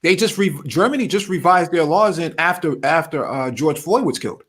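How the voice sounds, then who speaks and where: A man hosting a political talk show, speaking calmly with frequent brief agreements. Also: a little high, a little fast, breathy edge. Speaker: host.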